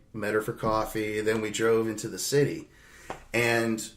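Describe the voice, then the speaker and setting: A man's voice: lowish voice, darkish tone. Profane rambling storyteller, casual man. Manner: rambling, profane, laughs through his anecdotes. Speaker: podcast host.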